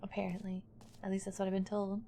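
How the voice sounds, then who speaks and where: A woman streaming a game, chatting playfully with her viewers and often jumping into squealing highs. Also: completely flat delivery, fast, mellow. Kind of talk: casual livestream chat.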